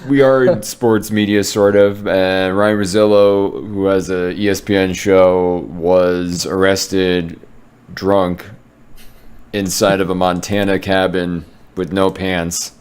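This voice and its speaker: A man with a very low voice co-hosts a casual sports podcast. He rambles and corrects himself as he goes, with frequent filler ums. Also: level tone, slow, darkish tone, clear, resonant tone. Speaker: podcast co-host.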